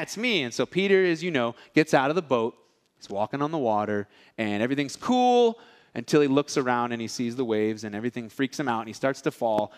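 A male preacher giving a casual, joking sermon, acting out the lines of people in his stories. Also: mid-range voice. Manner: animated, acts out characters' lines. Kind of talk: storytelling sermon.

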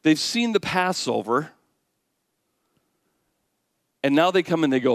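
A man preaching a sermon, animated, swinging from hushed asides to loud exclamations. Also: fairly high pitch, brisk, no room sound, studio quality. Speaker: pastor.

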